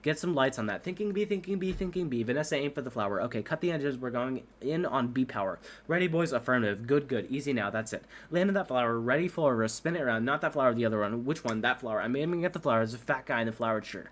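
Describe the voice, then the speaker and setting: A man's voice: mid-range voice, lively intonation, fast talker, hardly any pauses, fairly bright tone. A man reading a whole movie script aloud at breakneck speed for laughs, doing every character in his own voice and tripping over words. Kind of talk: rushed comedic script reading.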